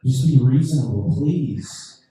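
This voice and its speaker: A man's voice: medium pitch, lively intonation, unhurried, dark tone, heavy reverb, far from the mic, lightly acted, poor audio. A man putting on a pleading scammer. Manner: begging, wheedling. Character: pleading male phone scammer.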